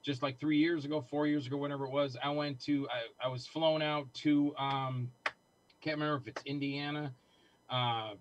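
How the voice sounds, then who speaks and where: Animated middle-aged man telling stories. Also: on the high side, normal speed, muffled recording, background noise. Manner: animated, acts out quoted voices. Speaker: guest filmmaker. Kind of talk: casual storytelling.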